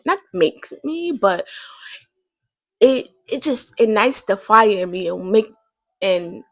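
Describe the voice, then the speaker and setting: A woman host talking through her faith in a loose, rambling way, pausing on fillers and restarting her thoughts. Her voice sits at an ordinary middle pitch, and the sound is close and dry with no room echo. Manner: rambling, thinking aloud with many fillers. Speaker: podcast host. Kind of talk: casual faith talk.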